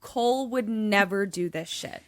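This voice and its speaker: A woman's voice: medium pitch, unhurried. A young woman co-hosting a podcast, reacting with outrage and lots of swearing. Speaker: podcast co-host. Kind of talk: casual podcast chat.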